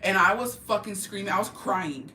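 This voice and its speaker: A woman's voice: medium pitch, normal speed, bright, forceful tone. A woman telling a gossip story to her viewers in a casual, profane, emphatic way, dropping Spanish phrases into her English. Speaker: vlogger. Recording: roomy, distant mic, faint ambient noise.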